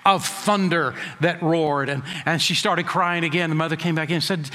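A man preaching a sermon as pastor, emphatic, slowing down to stress key phrases and asking rhetorical questions. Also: on the high side, pushed and bright, long reverb tail.

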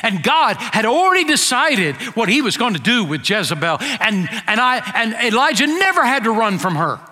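A man preaching a sermon in an earnest voice that swings from emphatic peaks to quiet low asides. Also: very animated, moderate pace. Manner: earnest, rising to emphatic then dropping soft. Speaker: pastor. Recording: long hall reverb.

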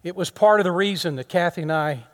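A middle-aged man preaching a sermon to his congregation, swinging from loud, impassioned rises to soft, near-whispered asides. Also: high-pitched, quick pace. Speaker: pastor.

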